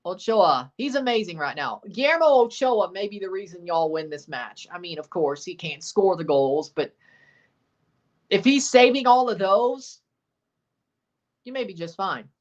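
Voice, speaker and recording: Calling a football match for her stream in an unhurried, expressive way, this woman also fires sassy replies at chat. Her pitch sits in the middle, and the audio comes across dull.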